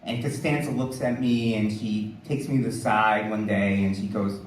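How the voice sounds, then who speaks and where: A man's voice: lowish voice, fairly even intonation, normal speed, a little hiss or hum. Chatty man telling a story from a roomy stage. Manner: chatty, laughing, full of "like" fillers. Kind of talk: live personal storytelling. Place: live stage before an audience. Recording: roomy distant live-stage recording.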